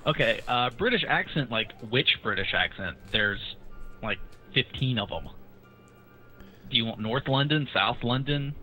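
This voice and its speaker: A man's voice: mid-range voice, animated, a little slow, pushed and bright, faint music behind, rough recording. A man from South Carolina with a Southern accent, chatting and teasing as a guest on a stream. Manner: playful, teasing, repeats words for fun. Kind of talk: casual chat.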